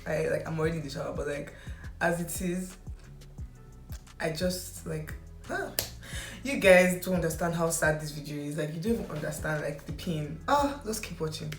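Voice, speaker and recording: A woman's voice: sits low, normal speed. A young woman vlogging about her hair, chatting casually and mocking herself, with lots of "like". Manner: chatty, self-mocking, full of "like". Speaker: beauty vlogger. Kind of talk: casual chat to camera and voice-over commentary. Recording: roomy echo, faint music.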